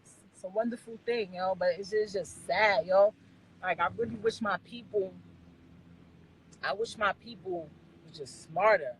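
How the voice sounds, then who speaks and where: A woman's voice: medium pitch, measured pace, pauses often, slight background noise, poor audio. A woman on a live stream scolding her viewers in a blunt, profane rant, repeating phrases for emphasis. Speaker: livestreamer talking to viewers.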